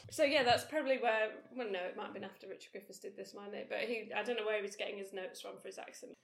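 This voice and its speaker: A woman's voice: medium pitch, steady tone, fast, creaky, slight background noise. A woman from Britain co-hosting a podcast, chatting casually and chiming in with short additions that trail off. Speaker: podcast co-host. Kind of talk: casual chat. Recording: roomy echo.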